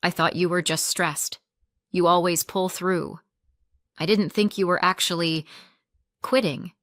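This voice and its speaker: Uma mulher fazendo uma irmã defensiva e melosa. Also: female voice, fairly low pitch, fairly even intonation, measured pace, a bit bright, dry recording, studio quality. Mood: defensive. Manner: syrupy, then snapping. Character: sugary, defensive sister in her thirties.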